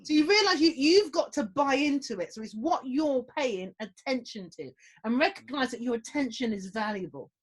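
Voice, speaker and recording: A woman's voice: high voice, normal speed, slightly rough. A woman talking in a casual interview, giving practical advice on anxiety and laughing often as she tells stories. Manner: animated, laughs often while telling stories. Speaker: guest giving mental health advice.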